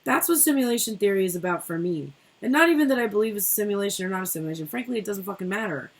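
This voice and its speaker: A woman's voice: mid-range voice, expressive, rapid-fire. A middle-aged woman giving a casual tarot reading, chatty and rambling, who swears freely. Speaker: tarot reader.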